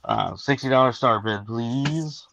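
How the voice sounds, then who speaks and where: A man's voice: medium pitch, measured pace, gravelly, a bit bright, a little hiss or hum. A man announcing an auction item in a plain, businesslike way. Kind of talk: casual chat. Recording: dull lo-fi audio.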